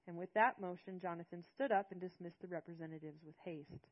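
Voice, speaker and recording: Low-voiced woman narrating an audiobook. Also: a little fast, few pauses, muffled recording. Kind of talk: first-person audiobook narration.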